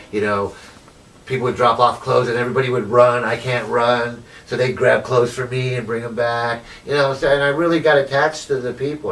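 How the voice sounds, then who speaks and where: A man's voice: medium pitch, fairly bright tone. A man in a documentary interview telling his story casually, rambling with lots of "you know" and acting out what people said. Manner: rambling, filled with "you know", acts out quoted dialogue. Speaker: interviewee, activist. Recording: distant mic with faint ambient noise.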